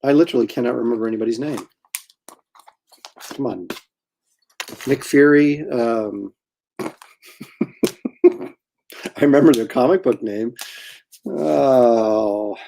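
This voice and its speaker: A man's voice: mid-range voice, takes it slowly, vocal fry, pauses often, dark tone, slight background noise. A middle-aged man, a comic artist, chatting casually while drawing, rambling and self-deprecating with frequent chuckles.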